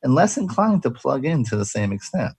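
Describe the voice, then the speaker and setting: A man's voice: medium pitch, sing-song, a little fast, a little mellow, slightly rough, no echo. A man hosting a casual radio talk show, chatty and jokey, rambling with restarts.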